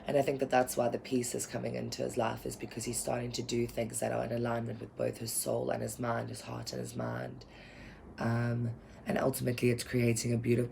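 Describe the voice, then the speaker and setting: A woman talks through a spiritual tarot reading in an earnest, meandering way, her words often trailing off into fillers. Her voice carries a gravelly vocal fry, and a faint hiss sits under it. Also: very deep voice, a little mellow, rough recording. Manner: rambling, earnest, lots of fillers. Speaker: tarot reader.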